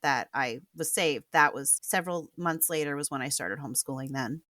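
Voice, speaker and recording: Earnest woman, low and dry. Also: moderate pace, pushed and bright, no echo. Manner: earnest, explanatory, frequent restarts. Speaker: homeschooling mother, podcast guest. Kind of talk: casual interview conversation.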